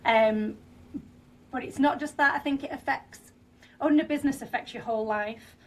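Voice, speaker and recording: A woman's voice: sits high, normal speed, distant mic, slight background noise. Chatty Northern English woman guest. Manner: chatty, many fillers and restarts. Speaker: franchisee guest. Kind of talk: podcast interview.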